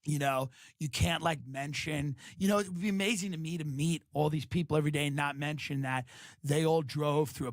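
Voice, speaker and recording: A man hosting a comedic chat, riffing in a rambling, profane way. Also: a little high.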